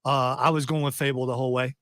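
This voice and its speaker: A man's voice: medium pitch, little pitch movement, quick pace, a bit bright, clean tone, dry recording, studio quality. A man hosting a radio talk show, chatting casually with a rambling, restarting way of talking. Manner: rambling, many restarts and fillers. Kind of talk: casual group chat on radio. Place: radio studio.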